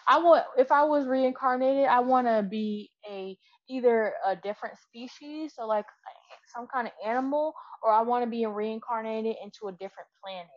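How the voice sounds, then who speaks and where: A woman's voice: fairly high pitch, moderate pace, lo-fi sound. A woman talking loosely and frankly in a casual chat, rambling and swearing freely.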